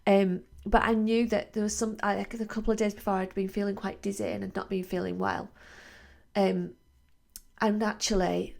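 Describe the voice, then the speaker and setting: A woman in her forties talks through a wellbeing podcast in a loose, reflective monologue. Her mid-pitched voice has a gravelly fry, and she circles back with fillers and restarts. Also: flat delivery, moderate pace, a little mellow. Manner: chatty, many fillers and restarts. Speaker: podcast host, wellbeing coach.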